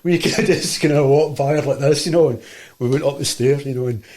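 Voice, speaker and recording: A man's voice: medium pitch, fast. Chatty Glaswegian man telling stories. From Scotland. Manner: rambling, animated storytelling with many restarts and quoted dialogue. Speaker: guest, martial arts teacher. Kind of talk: casual storytelling.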